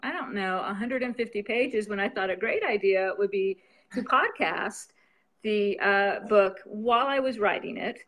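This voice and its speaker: A woman's voice: mid-range voice, normal speed, fairly bright tone. A woman novelist chatting casually as an interview guest, rambling and laughing often.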